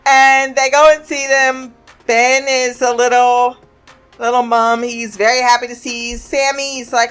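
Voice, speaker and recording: A woman's voice: on the high side, level tone, a little slow, a bit bright, smooth, soft background music. A woman giving a casual recap of a TV episode. She swears freely, acts out the characters' lines, and laughs often as she retells it.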